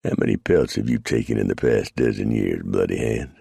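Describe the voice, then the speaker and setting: A man voicing a grizzled, dry-humored male mountain man with an unhurried frontier drawl, read as an audiobook. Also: extremely low pitch, creaky, mellow, breathy edge, no room sound, full character voice.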